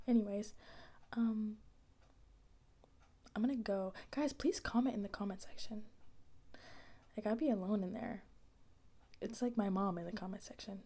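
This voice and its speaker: A young woman rambles through a soft-spoken ASMR chat, full of slang and easy asides. Her voice is mellow and rounded, and she keeps dropping into breathy whispers between stretches of quiet talk. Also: mid-range voice, normal speed, pauses often. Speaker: ASMR creator.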